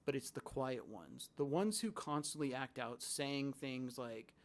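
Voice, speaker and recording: A man's voice: medium pitch, a little slow. A man who worked in a psychiatric hospital, telling stories in a loose, rambling way with restarts and quoted asides. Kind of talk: casual storytelling to camera.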